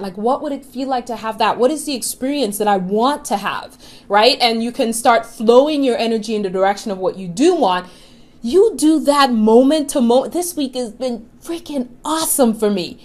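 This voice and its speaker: Earnest woman coach with a high voice. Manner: earnest, emphatic, slows down on key phrases. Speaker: law of attraction coach and show host. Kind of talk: motivational talk to camera.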